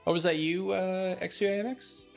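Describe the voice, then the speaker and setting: A young man streaming, casually talking through a replay of his own game, animated and self-deprecating, laughing often. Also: high voice, brisk, gravelly, soft background music.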